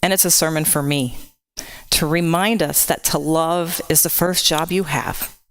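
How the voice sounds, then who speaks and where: A woman from Texas delivers a sermon to her congregation. She speaks in an earnest, personal way and turns impassioned at the high points. She is recorded in a church sanctuary. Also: fairly even intonation, a little slow, fairly bright tone. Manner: earnest, grows impassioned with rising pitch. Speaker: lay preacher.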